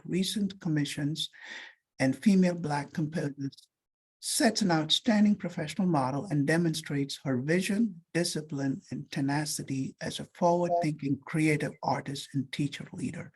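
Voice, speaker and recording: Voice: mid-range voice, slightly rough. An emcee presenting awards at a formal reception, courteously thanking people and reading nomination text aloud. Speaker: ceremony emcee.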